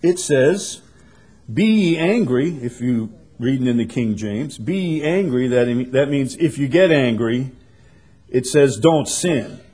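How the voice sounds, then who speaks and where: A man preaching a sermon, swinging from quiet and conversational to loud, emphatic passages. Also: mid-range voice, expressive, a little slow, husky. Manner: builds to loud emphatic preaching, then drops soft. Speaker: pastor.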